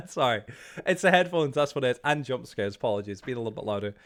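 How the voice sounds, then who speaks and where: A young man hosts a casual live stream from his room at home. He rambles in a chatty, loose way and laughs easily. His voice sits at an ordinary middle pitch for a man. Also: very animated, fast talker, a bit bright.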